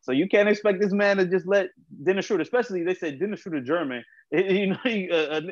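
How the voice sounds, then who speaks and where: A man co-hosting a casual podcast chat, telling stories in an animated way, acting out quotes and swearing freely. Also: sits high, fast, no room sound, lo-fi sound. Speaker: podcast co-host.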